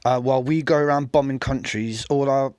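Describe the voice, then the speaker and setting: A man's voice: mid-range voice, fairly even intonation, brisk, darkish tone, clear, resonant tone, dry recording. Scornful man giving dry commentary. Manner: scornful, mocking. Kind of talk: commentary over a recorded street debate.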